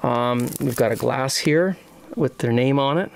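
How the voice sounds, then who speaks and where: A man hosting a casual homebrewing vlog, talking in a halting way with many restarts and plenty of thanks. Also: medium pitch, gravelly, a little hiss or hum. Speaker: homebrewing vlogger.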